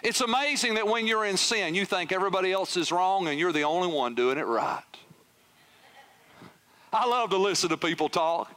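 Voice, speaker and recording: A man preaching a sermon as pastor, swinging from loud emphatic peaks down to hushed, near-whispered lines. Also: high voice, animated, moderate pace.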